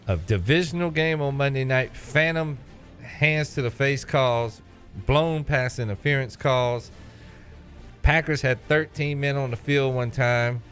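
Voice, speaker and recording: A man's voice: medium pitch, measured pace, a bit bright, soft background music. A man co-hosting a sports talk show, ranting sarcastically and giving his opinions. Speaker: sports radio co-host.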